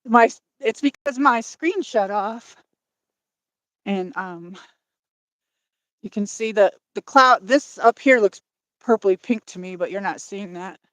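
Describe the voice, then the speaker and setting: A woman's voice: medium pitch, slow, pauses often, a bit bright, no room sound. A woman hosting a livestream while walking outdoors by a lake, out of breath, rambling and apologetic as she talks to her chat through a phone on a gimbal. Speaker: livestream host.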